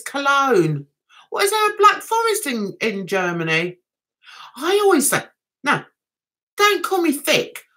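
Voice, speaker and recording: Giggly, lively high-voiced woman. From England. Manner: giggly, chatty, reads viewer comments aloud and answers them. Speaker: livestream host. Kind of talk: casual livestream chat.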